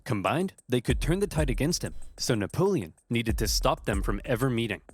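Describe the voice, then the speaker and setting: A man giving brisk, punchy, scripted comedic narration for a history cartoon. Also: mid-range voice, very animated, slightly rough, no echo.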